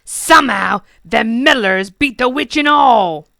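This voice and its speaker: A woman's voice: on the high side, animated, a little slow, gravelly, no echo, studio quality, voice pushed up, exaggerated voice. A woman reading a storybook and voicing a bossy, brutish male goblin king who bellows and bullies. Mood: scornful. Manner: loud, bellowing, coarse and bullying.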